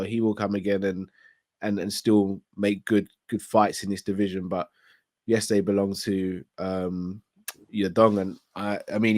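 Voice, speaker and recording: Man, podcast co-host, low voice, dry sound, hesitant, frank, casual chat. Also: dry recording. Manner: hesitant, restarts a lot, frank.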